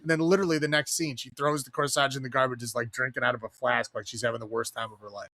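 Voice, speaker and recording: A man co-hosting a podcast, chatting casually and ramblingly about movies and acting out characters in quick quotes. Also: medium pitch, steady tone, pushed and bright, no room sound, studio quality. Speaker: podcast co-host. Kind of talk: casual film review chat.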